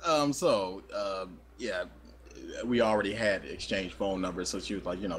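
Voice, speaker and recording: A man's voice: sits low, normal speed, a little hiss or hum. A young man co-hosting a podcast, telling a rambling, self-deprecating story in casual chat. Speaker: podcast co-host.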